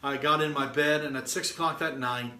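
A man's voice: medium pitch, fairly even intonation, brisk, bright, forceful tone, reverberant. A middle-aged man preaching and telling a testimony in a fervent, exhorting way, often stringing words together with repeated "and"s. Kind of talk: sermon storytelling.

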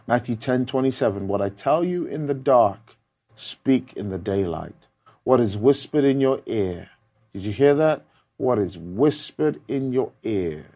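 Preacher guy giving a sermon, goes loud and emphatic then drops low and quiet, repeats stuff for emphasis. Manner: repeats key words for emphasis.

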